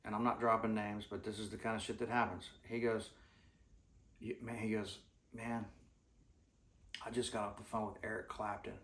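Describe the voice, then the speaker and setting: Male storyteller, gravelly, rambling and folksy, recorded in an echoey room. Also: on the low side, little pitch movement, normal speed, long pauses, fairly bright tone. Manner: rambling, folksy, many restarts and fillers. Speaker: guitarist telling stories. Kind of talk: casual storytelling.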